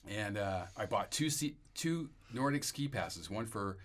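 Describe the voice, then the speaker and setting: A man's voice: lowish voice, animated, measured pace, a bit bright. A man telling a rambling personal faith testimony in an interview, with restarts and laughter. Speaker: interview guest.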